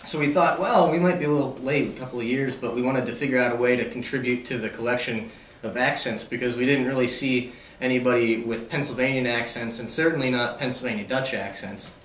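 A man interviewing his friend in a relaxed, friendly way. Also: medium pitch, fast talker, slight background noise. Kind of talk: casual interview. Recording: echoey room, far from mic.

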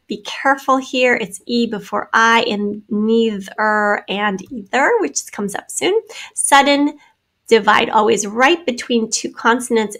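A woman teacher reading spelling words and sentences slowly, then going over the answers syllable by syllable. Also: fairly high pitch, a bit bright, low-quality recording. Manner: slow, clearly enunciated dictation. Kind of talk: spelling test and answer review.

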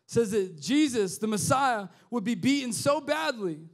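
A man preaching a youth sermon, impassioned and conversational, with slang and restarts, swinging from quiet to shouting. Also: very high-pitched, expressive, a little slow. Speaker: youth pastor. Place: youth service hall.

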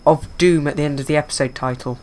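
A man's voice: on the high side, steady tone, fast talker, a little mellow. A man giving dry, self-mocking let's-play commentary as a gaming YouTuber.

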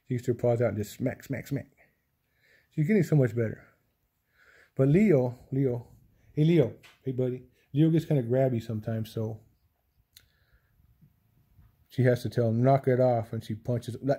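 A man filming his cats at home on his lap, chatting softly and affectionately to them and his viewers in a casual way. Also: mid-range voice, normal speed, breathy edge. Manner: soft, affectionate, talks to the cats in baby talk. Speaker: cat owner vlogger. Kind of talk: casual home video chat to pets and viewers.

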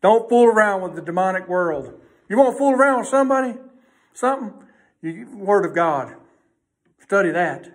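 High-voiced emphatic preacher. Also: male voice, animated, normal speed, pauses often. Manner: folksy, emphatic, swings from loud to hushed. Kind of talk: sermon.

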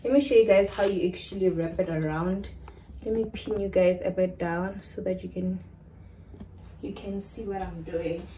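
A woman's voice: medium pitch, fairly even intonation, moderate pace, warm tone, far from the mic, a little hiss or hum. A young South African woman vlogging casually at home, chatting to her viewers and calling them guys. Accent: South African English. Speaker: lifestyle vlogger. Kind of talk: casual chat to camera. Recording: echoey room, voice off-mic.

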